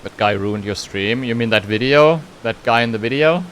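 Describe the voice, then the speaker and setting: A man's voice: mid-range voice, normal speed, fairly bright tone, a little hiss or hum. A man streaming a game, chatting casually with his viewers, reading chat and humming between lines. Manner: playful, reads chat aloud, hums and sings nonsense. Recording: faint music behind.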